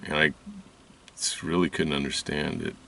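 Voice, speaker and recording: Man, very low gravelly voice, rambling personal storytelling host, recorded from a distance. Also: little pitch movement, sharp tone, slight background noise. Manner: halting, rambling, many restarts and fillers. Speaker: spiritual video host. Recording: voice distant from the mic.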